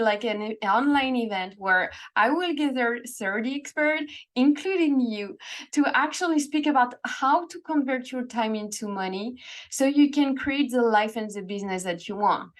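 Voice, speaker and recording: Hesitant woman guest, higher-pitched. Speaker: guest, business coach. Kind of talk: podcast interview answers.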